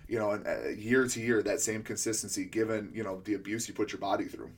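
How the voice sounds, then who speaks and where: Male coach-host, lowish voice, rambling casual questions with lots of fillers. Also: flat delivery, fast. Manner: rambling, many restarts and fillers. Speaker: podcast host and throwing coach. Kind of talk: casual interview chat.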